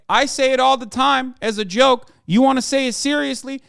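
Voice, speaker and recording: A man's voice: extremely high pitch, normal speed, gravelly, fairly bright tone, clear, resonant tone, no room sound, studio quality. A male streamer giving a heated, profanity-laced commentary rant on his livestream.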